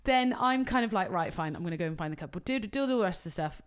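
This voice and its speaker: A British woman and wedding coordinator, co-hosting a podcast and telling an animated story full of acted-out quotes. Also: mid-range voice, racing, smooth. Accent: British English. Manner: animated storytelling, acts out quotes, swears casually. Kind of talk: casual chat, storytelling.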